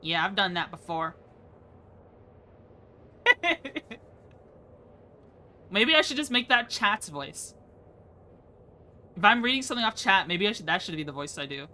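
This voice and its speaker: A woman's voice: medium pitch, animated, measured pace, pauses often, bright, forceful tone. A young woman streaming a game, chatting casually and rambling from topic to topic, laughing often. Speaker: VTuber streamer. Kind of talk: casual live-stream chat.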